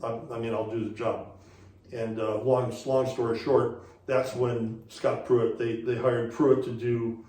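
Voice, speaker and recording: A man with a mellow, darker voice tells a story from his racing career, rambling and looping back with repeated "he goes". He sounds set back from the mic in a roomy space with some echo. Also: mid-range voice, little pitch movement, a little slow, recorded from a distance. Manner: rambling, repeats "he goes" while retelling conversations. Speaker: interview guest, former racing series director. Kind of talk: casual storytelling.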